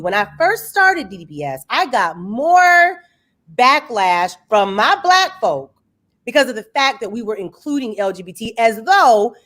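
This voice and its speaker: Hosting an online discussion over a video call, a woman speaks with impassioned, preacherly emphasis and repeats points to stress them. Her voice is on the high side with a fairly bright tone.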